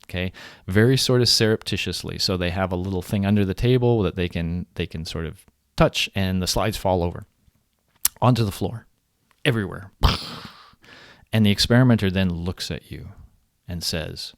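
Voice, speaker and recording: A university lecturer speaks in a relaxed, conversational way in a recorded lecture, his low voice at normal speed, stumbling and restarting as he explains and animatedly acting out the people he quotes. The sound is close and dry, with no echo or room around it.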